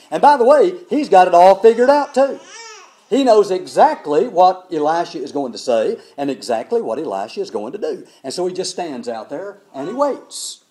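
An older preacher with a mellow, warm voice tells a sermon story. He acts out every character, and his pitch swings widely from low asides to high, excited lines. His voice sits a little higher than most men's.

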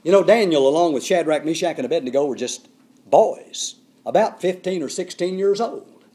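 A preacher, delivering an emphatic sermon that swings between loud declarations and hushed asides. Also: male voice, fairly high pitch, animated, moderate pace.

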